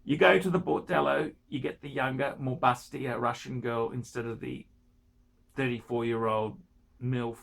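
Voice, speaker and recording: A man's voice: mid-range voice, fairly even intonation, moderate pace, creaky, a bit bright. A man giving watch-buying advice in a casual rant, pushy and pleading, repeating himself and throwing in crude jokes.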